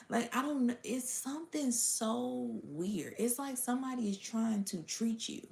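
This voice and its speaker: A woman's voice: fairly high pitch, lively intonation, measured pace, creaky, few pauses, a little mellow. Blunt cussing woman doing a spiritual reading, sometimes whispers, roomy echoey sound. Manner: blunt and profane, drops into whispered asides. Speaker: spiritual reader addressing her audience. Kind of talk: casual spiritual reading monologue. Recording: roomy echo.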